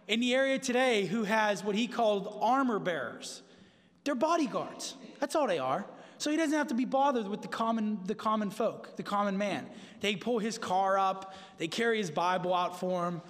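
A man's voice: sits high, expressive, normal speed, a bit bright. A man preaching a sermon in a conversational, emphatic way, turning to the congregation with asides. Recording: long hall reverb.

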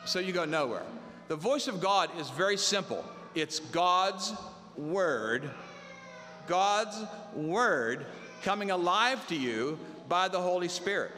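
A man's voice: high-pitched, sing-song, a little slow, pushed and bright, long reverb tail, a little hiss or hum. A man preaching a conversational sermon, telling stories and mimicking other people's voices for humor. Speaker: pastor.

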